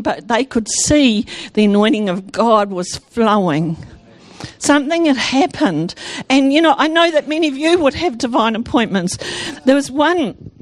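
A woman tells her Christian testimony to a gathered audience. She talks in an animated way, breaking off and restarting her sentences as she goes. The sound is close and dry, with no echo. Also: on the high side. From New Zealand. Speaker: speaker giving a Christian testimony.

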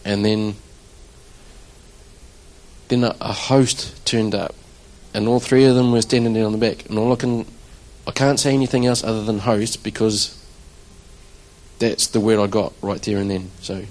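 A man's voice: on the low side, moderate pace, pauses often, rough recording. A man, a church drummer, telling a conversational testimony to a congregation and acting out his own reactions. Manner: conversational, animated storytelling with acted-out quotes.

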